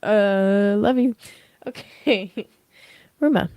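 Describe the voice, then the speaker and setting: A woman's voice: medium pitch, extremely slow, darkish tone, dry recording. A young woman giving a casual livestream tarot reading, rambling with many fillers. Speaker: tarot reader.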